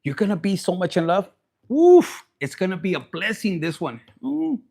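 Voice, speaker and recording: A man's voice: sits high, sing-song, moderate pace, creaky, dark tone. A man giving a raunchy, joking live tarot reading, slipping in Spanish. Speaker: tarot reader.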